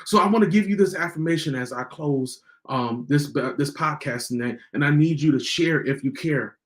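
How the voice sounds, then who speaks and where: A man's voice: on the high side, moderate pace. A man hosting a podcast, giving a motivational talk in a preachy way and repeating lines for emphasis. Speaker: podcast host.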